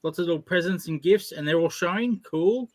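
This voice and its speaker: A man's voice: sits high, fairly quick, over a noisy crowd. A man in his forties co-hosting a casual live stream, candid and self-deprecating, laughing easily. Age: 40s. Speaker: stream co-host.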